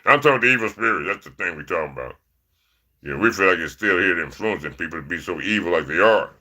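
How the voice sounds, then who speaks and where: A man's voice: deep voice, animated, fast, pushed and bright. A man talking to his viewers in a loose, rambling monologue, peppered with "man" and "you know". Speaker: vlogger.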